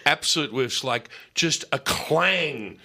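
A man's voice: a little high, animated, slow pace, sharp tone. A man, a radio host who chats and drifts into long stories. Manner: chatty, digressive storyteller. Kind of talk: casual interview chat.

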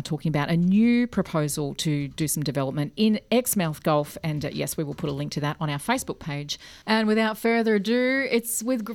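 An Australian woman hosts a community radio show in a friendly manner and laughs easily. Her voice is mid-pitched, and fillers and ums run through her talk. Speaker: radio host.

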